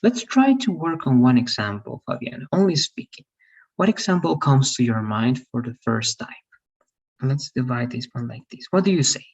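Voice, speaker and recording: A man's voice: mid-range voice, very animated, moderate pace, husky. Distant, patient male English teacher. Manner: patient, explains step by step with questions. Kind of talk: online class lesson. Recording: distant lo-fi mic.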